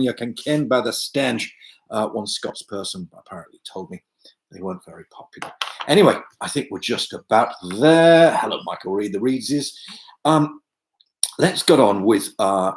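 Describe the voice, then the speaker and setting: A man's voice: lowish voice, slight background noise, low-quality recording. A man hosting a pub quiz from home on a video call, chatting and joking with lots of fillers. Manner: chatty, jokey asides, many fillers. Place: home room.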